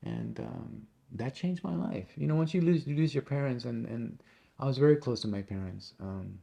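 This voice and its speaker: A middle-aged man, a musician being interviewed, talking in a halting way and often repeating and restarting his words. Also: mid-range voice, expressive, creaky, mellow, breathy edge, dull audio. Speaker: interview guest, tribute band musician. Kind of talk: casual interview conversation.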